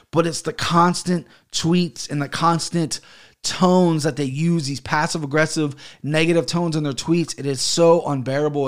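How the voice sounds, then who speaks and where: A man hosting his own podcast from a home studio office, ranting heatedly and swearing often. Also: fairly high pitch. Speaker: podcast host. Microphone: studio mic on an arm.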